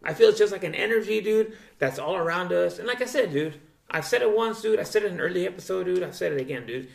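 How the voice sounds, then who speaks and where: A man's voice: high voice, animated, quick pace, creaky. A man hosting a casual podcast chat, loose and profane, saying "dude" constantly. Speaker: podcast host. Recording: roomy echo.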